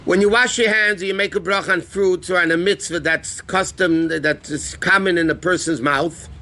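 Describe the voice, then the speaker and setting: A rabbi teaching a live class on Jewish law, explaining terms conversationally and asking the class questions. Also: male voice, sits high, pushed and bright. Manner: answers student questions.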